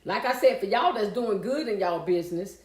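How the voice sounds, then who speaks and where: A woman's voice: mid-range voice, fairly quick, a little mellow. A woman hosting a casual livestream, chatting with viewers and reading out their comments in a folksy way. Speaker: livestream host. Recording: echoey room.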